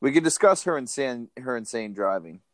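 A man's voice: mid-range voice, expressive, normal speed, no echo. Man, opinionated movie chat, matter-of-fact, dry close mic. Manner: opinionated, plain-spoken, brings prepared facts. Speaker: podcast co-host.

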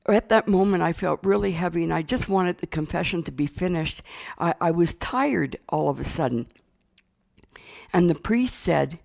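An older woman telling a personal story from her childhood, earnest and unhurried, with small fillers. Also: fairly low pitch, gravelly, a little mellow. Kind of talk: personal testimony.

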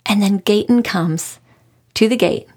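A podcast host with a mid-range, slightly mellow voice speaks a little slowly as she reviews a book she loved. Her casual monologue is earnest, emotional, and heartfelt.

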